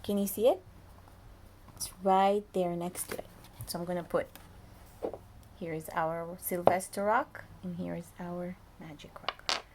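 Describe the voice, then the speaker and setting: A woman's voice: fairly low pitch, a little slow, pauses often, very noisy. Woman reading a storybook to preschoolers. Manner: animated, often drops to a soft whisper, talks to the children. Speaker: preschool teacher reading aloud. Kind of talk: picture book read-aloud for young children.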